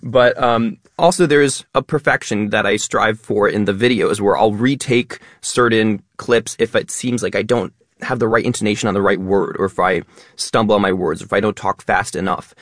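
A young man guest explaining language in a radio interview, talking quickly with some fillers. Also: lowish voice, fairly bright tone, no room sound, studio quality. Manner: fast explanatory talk with fillers. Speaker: guest linguist. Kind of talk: interview talk.

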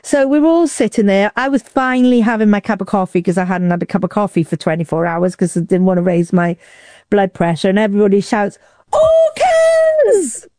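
Animated woman telling a story, mellow and dry. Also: fast talker, no echo. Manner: lively, acts out quotes with big pitch jumps. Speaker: interview guest. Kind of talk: casual storytelling.

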